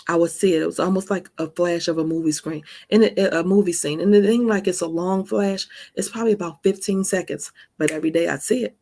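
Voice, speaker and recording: A woman's voice: on the low side, fast talker, hardly any pauses, dark tone. A woman in her forties hosting a faith talk show, giving a candid personal testimony in an earnest, conversational way. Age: 40s. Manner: earnest and conversational, often asks "right?". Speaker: faith podcast host.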